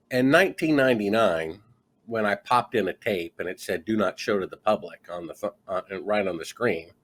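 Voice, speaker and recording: Low-voiced man telling an animated story. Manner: animated storyteller acting out quoted dialogue. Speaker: guest author. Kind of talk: conversational interview.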